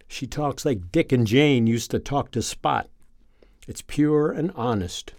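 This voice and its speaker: A man reading a first-person story aloud in a calm, measured, reflective way. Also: mid-range voice, dry recording, studio quality. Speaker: narrator.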